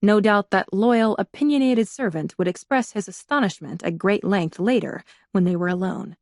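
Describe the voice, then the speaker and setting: A woman narrates an audiobook in a steady, measured reading voice, pitched in the middle range. She is close to the mic, and the recording is dry with no room sound. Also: no echo. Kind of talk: scripted narration.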